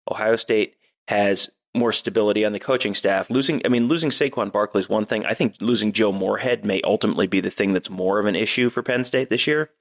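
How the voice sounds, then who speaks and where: Male podcast co-host, lowish voice, measured analyst who thinks out loud. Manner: measured, thinks aloud with frequent restarts. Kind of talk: casual analytical sports talk.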